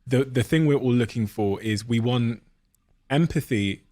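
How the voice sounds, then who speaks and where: A man's voice: mid-range voice, unhurried, mellow, no echo. A man hosting a podcast, asking searching, probing questions. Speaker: podcast host. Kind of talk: interview questions.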